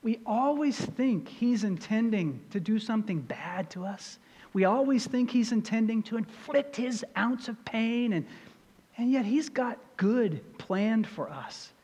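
A middle-aged man preaching a sermon as pastor, earnest and storytelling, rising in pitch and volume for emphasis. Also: lively intonation, measured pace, a little mellow, husky, big-room sound.

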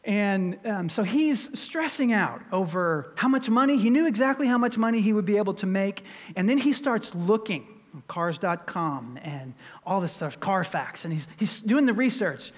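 A middle-aged man preaching a sermon as pastor, earnest and storytelling, rising in pitch and volume for emphasis. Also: expressive, normal speed, in a large hall.

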